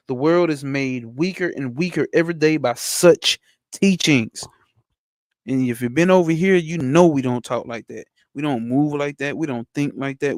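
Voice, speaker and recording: A man teaching spirituality. He reads a text aloud slowly and breaks off into blunt, slangy asides with profanity for a live chat. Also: mid-range voice, no room sound, studio quality. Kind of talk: reading a text aloud and commenting on it.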